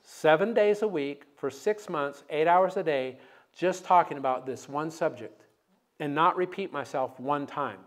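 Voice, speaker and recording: A man's voice: on the high side, unhurried. A man preaching a sermon in a church, telling stories and leading the congregation in call-and-response. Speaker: guest preacher. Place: church sanctuary.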